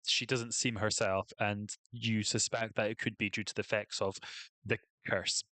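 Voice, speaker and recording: Man, game master, halting relaxed narration, bright tone, dry close sound. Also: on the low side, no echo. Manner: relaxed, hesitant narration with many fillers.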